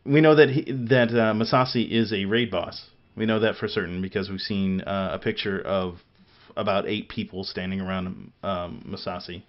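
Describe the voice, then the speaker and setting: Rambling low-voiced man, lo-fi podcast audio. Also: normal speed. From Missouri. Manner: rambling, many restarts and fillers, laughs often. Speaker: podcast co-host. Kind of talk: casual gaming chat.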